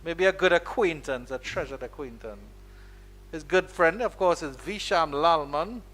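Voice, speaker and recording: A man with a Caribbean accent giving live, playful ball-by-ball cricket commentary, his voice climbing high when the ball runs to the boundary. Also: moderate pace, fairly bright tone. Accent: Caribbean English. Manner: playful, rises sharply on boundaries.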